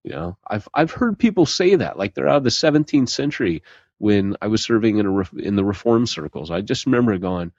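A man's voice: on the low side, sing-song, brisk, a little mellow, husky, no room sound, highs cut off. A man co-hosting a podcast in casual chat, rambling and laid-back with lots of fillers. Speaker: podcast co-host.

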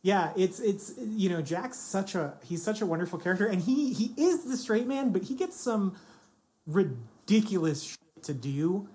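A woman's voice: medium pitch, lively intonation, normal speed, dark tone. A woman talking casually about a TV series, chatty, with many fillers and restarts. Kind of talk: casual chat about a TV show.

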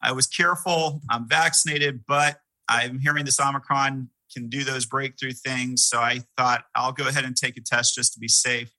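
A middle-aged male pastor preaches in an earnest, conversational way, often restarting with fillers. His voice sits in a middle pitch with a very bright, clear edge. The sound is dry and close, with no room around it. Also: level tone, normal speed, few pauses, dry recording, low-quality recording. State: sick with a mild cough. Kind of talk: sermon.

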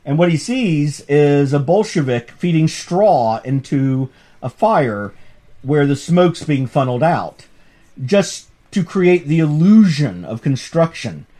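Male professor host, casual lecture tone, animated and bouncy, slightly raised pitch, amused. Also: takes it slowly. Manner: animated, amused storytelling with frequent restarts. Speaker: professor hosting a comics course podcast.

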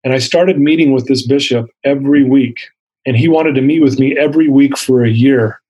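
A man's voice: mid-range voice, fairly quick, dark tone, breathy edge, lo-fi sound. A man in his fifties sharing his personal story as an interview guest, earnest and vivid, acting out the dialogue he quotes.

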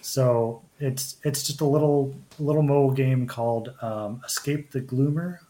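A man hosts a relaxed podcast conversation at an ordinary pitch. He speaks haltingly, restarting phrases and pausing on fillers as he gathers his thoughts. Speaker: podcast host. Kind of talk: casual chat.

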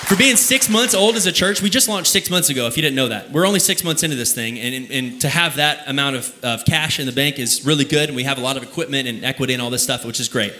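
A young man preaching a sermon as pastor of a new church, telling a personal story in a loose, conversational way and slowing right down for emphasis. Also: mid-range voice, pushed and bright. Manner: conversational storytelling, laughs at himself, slows down for emphasis.

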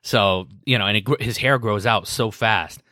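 Brief: man, podcast co-host, chatty storyteller, bright forceful tone, dry. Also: lowish voice, normal speed, no room sound. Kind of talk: casual chat.

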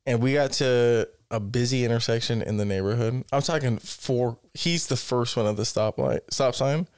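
A man's voice: medium pitch, normal speed, a little mellow, clear, resonant tone, dry recording, studio quality. A man co-hosting a casual podcast chat, telling rambling, profane stories and laughing often. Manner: laughing storyteller, swears a lot. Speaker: podcast co-host.

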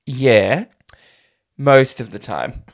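A man's voice: mid-range voice, animated, extremely slow. A man co-hosting a film review podcast, making wry, sarcastic asides. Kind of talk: casual chat.

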